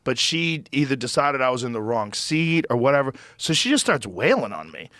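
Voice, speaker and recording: A man from Massachusetts co-hosting a podcast, telling self-deprecating stories in casual chat with an easygoing, halting manner, recorded on a studio mic. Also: mid-range voice, sing-song, fairly bright tone, no room sound. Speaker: podcast co-host.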